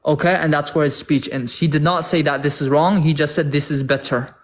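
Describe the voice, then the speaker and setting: A man in an online debate, reading Arabic passages aloud and translating them into English slowly with many restarts. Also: on the high side, fairly even intonation.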